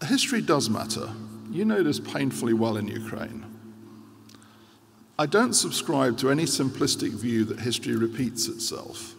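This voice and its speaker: A man in his sixties giving a formal keynote speech as a central bank governor, measured and earnest with occasional hesitations. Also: mid-range voice, gravelly. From United Kingdom. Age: 60s. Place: large conference hall. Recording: reverberant hall with faint background noise.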